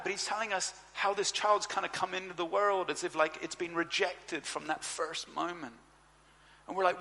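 Bright-voiced man preaching in a hall. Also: a little high, normal speed, creaky. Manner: animated storyteller, acts out dialogue. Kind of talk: sermon storytelling. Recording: long hall reverb.

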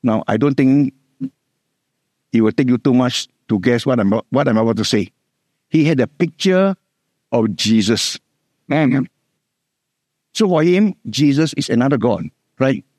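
A middle-aged man with a Singaporean English accent, preaching a sermon, repeating key words and slowing down to stress scripture. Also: mid-range voice, expressive, darkish tone, no room sound, studio quality.

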